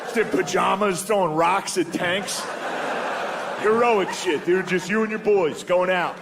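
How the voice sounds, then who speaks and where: A male stand-up comedian telling crude jokes in a deadpan way, often slipping into quick impressions. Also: sits high, vocal fry, noisy background.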